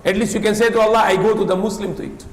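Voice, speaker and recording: High-voiced man preaching in an echoey hall. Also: steady tone, racing. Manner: emphatic, repeats points, non-native English with some Tagalog. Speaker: Islamic preacher. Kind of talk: sermon lecture.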